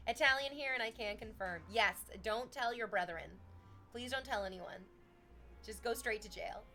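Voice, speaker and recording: A young Canadian woman chatting casually on a livestream, telling stories in an animated way and swearing often. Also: on the high side, normal speed, faint music behind. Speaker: streamer chatting with chat.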